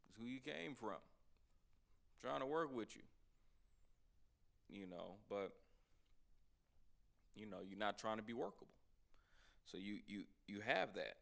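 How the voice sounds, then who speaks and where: A man's voice: fairly low pitch, creaky, a bit bright. A man teaching an informal Bible class, conversational and emphatic, addressing the class directly.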